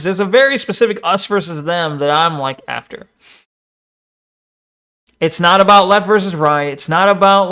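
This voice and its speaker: A male streamer chatting casually while reacting to a video, with a high voice. His tone is bright, and he swears and laughs freely. When he gets excited, he trips into stammers. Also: smooth. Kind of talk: casual chat.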